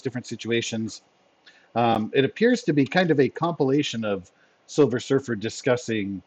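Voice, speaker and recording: A man narrating as game master of a tabletop role-playing game, in a relaxed way with fillers. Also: fairly low pitch, breathy edge.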